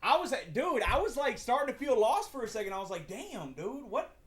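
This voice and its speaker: A man's voice: very high voice, big pitch swings, fast talker, fairly bright tone. A young man hosting a livestream, chatting casually in a slangy, profane, rambling way with frequent stumbles. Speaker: livestream host.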